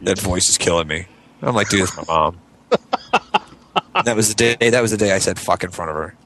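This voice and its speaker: A man's voice: lowish voice, fast, slight background noise. A man co-hosting a casual podcast chat, telling stories with laughter and swearing. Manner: laughing storyteller, animated, swearing. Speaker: podcast co-host.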